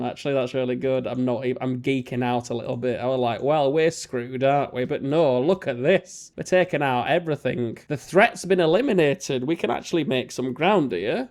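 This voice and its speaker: A young man, casually commentating his strategy game, chatty and self-mocking, now and then jumping into silly high voices. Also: expressive, moderate pace, few pauses, a little mellow. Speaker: let's play host.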